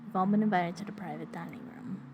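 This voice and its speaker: A woman's voice: lowish voice, fairly even intonation, fast, dull audio. A young woman streamer reading a visual novel's text aloud and dropping casual asides between the lines. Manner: reads game dialogue aloud, breaking off for offhand asides. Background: game music.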